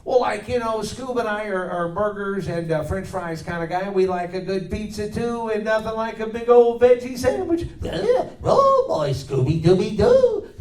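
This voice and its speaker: A man's voice: sits high, very animated, measured pace, hardly any pauses, a little mellow, voice pushed up. A man voicing a goofy, laid-back, ever-hungry young cartoon slacker who drawls with "like" and "man.". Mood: goofy, easygoing. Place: comic convention panel room. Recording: roomy hall, mic from a distance.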